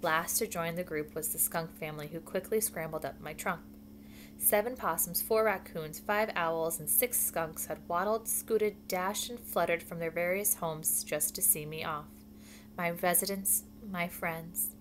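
A woman's voice: lowish voice, unhurried, noisy background. Woman reading a children's book aloud. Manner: casual asides between reading. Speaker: reader.

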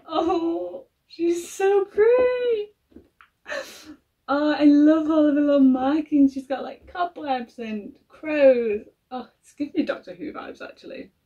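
Breathy, gushing woman unboxing. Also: high-pitched, lo-fi sound. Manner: gushing and excitable, with gasps and giggles. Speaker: collector unboxing a model horse. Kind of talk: unboxing vlog. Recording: voice a little far from the mic.

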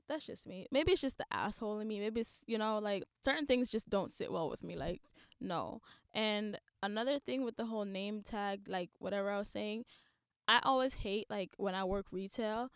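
A woman's voice: medium pitch, clear, resonant tone, no room sound, studio quality. A young woman hosting a podcast, talking casually in a blunt, profane rant with frequent laughs. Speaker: podcast host. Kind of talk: casual monologue.

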